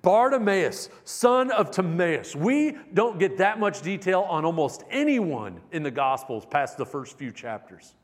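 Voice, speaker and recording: A man preaching a sermon as a pastor, animated, shifting between loud emphatic bursts and soft, intimate passages. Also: on the high side, measured pace, few pauses, long reverb tail.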